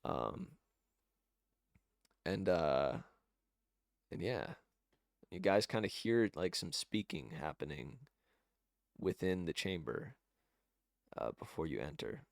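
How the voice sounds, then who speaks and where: A man's voice: deep voice, sing-song, takes it slowly, creaky, pauses often, dry recording, studio quality. A man narrating a tabletop game as game master, rambling and correcting himself with many fillers.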